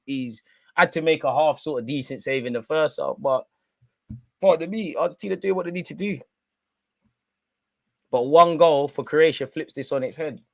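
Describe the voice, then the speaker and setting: A man's voice: on the high side, no echo. A young man hosting a live football watch-along, chatting in slang straight to his viewers. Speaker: live stream host.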